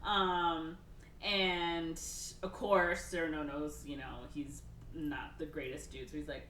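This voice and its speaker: A woman hosting a podcast, casually retelling a film's plot and acting out the characters in quick put-on voices. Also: deep voice. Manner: animated, acts out characters with quick voice shifts. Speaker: podcast host. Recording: echoey room, distant mic, faint hiss.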